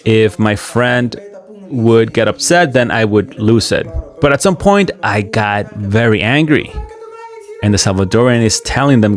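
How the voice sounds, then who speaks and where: A man retelling a migrant's journey in the first person, in an animated storytelling manner where his pitch jumps up on the excited parts. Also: measured pace. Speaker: commentary channel host.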